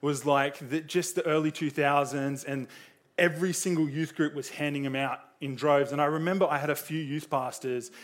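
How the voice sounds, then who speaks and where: A man's voice: a little high, fairly even intonation, moderate pace. A young man preaching a sermon in a casual, conversational way, full of fillers, acting out quotes with a raised voice.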